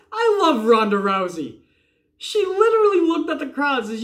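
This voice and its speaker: A man in his forties or older giving a casual wrestling review, excitable and rambling, swearing freely. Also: very high voice, moderate pace. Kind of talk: casual profane review rant.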